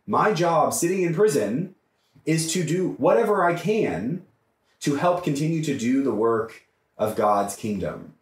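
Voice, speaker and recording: A man, a priest, teaching a Bible study in an emphatic, animated way, often asking "right?" as he goes. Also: fairly high pitch, unhurried. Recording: echoey room, mic far off.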